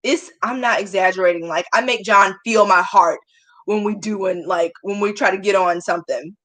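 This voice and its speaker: A woman's voice: medium pitch, moderate pace, fairly bright tone. A young woman chatting casually to her viewers, self-mocking and often laughing. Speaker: vlogger.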